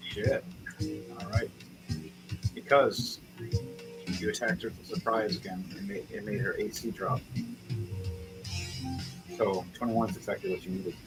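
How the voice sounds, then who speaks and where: A man's voice: on the low side, fairly even intonation, measured pace, long pauses, poor audio. A man narrating as game master of a tabletop game, describing combat in graphic, profane detail. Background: music playing.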